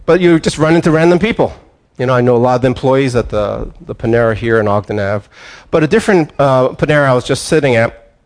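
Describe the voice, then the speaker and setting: An older man preaching a sermon, telling a story as if chatting with friends. He restarts his phrases often and drifts down into a quieter, slower voice when he prays. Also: mid-range voice. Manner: conversational storytelling, with restarts and soft laughs. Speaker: pastor.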